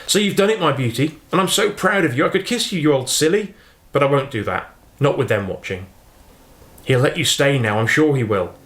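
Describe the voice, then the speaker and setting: A man's voice: medium pitch, animated, brisk, fairly bright tone, pitched above the performer's own voice, lightly acted. A man voicing an eager, affectionate fifteen-year-old farm boy in an audiobook reading. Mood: proud. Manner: earnest, affectionate, chatty. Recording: roomy echo.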